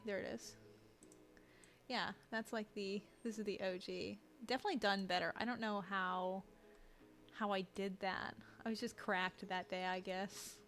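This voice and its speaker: A woman streamer chatting casually while she draws, rambling and self-deprecating, with lots of fillers and restarts and a habit of dropping to a low mutter as she works. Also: fairly bright tone. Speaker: streamer and artist. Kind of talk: casual live-stream chat while drawing.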